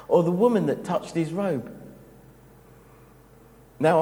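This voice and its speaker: A man preaching a sermon in a gentle, reflective, unhurried way. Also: sits high, big-room sound, poor audio.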